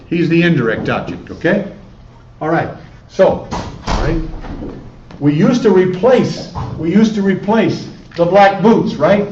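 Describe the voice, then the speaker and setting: A man's voice: fairly high pitch, a little mellow, slight background noise. A man teaching a Spanish class, prompting students with repeated questions and coaching their answers. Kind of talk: classroom lesson. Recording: echoey room, distant lo-fi camera audio.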